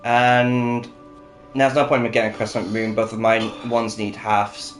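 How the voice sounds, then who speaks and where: A man's voice: lowish voice, level tone, unhurried. Chatty man talking over gameplay, roomy echo. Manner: chatty, thinks aloud with many fillers. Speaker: co-host playing the game. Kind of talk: casual gaming chat. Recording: roomy echo with faint music.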